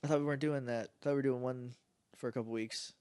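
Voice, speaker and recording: A man's voice: medium pitch, steady tone, racing, darkish tone, smooth, no echo, studio quality. A man co-hosting a casual podcast, a little nasal and stuffed up, rambling and laughing often. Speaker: podcast co-host. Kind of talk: casual chat.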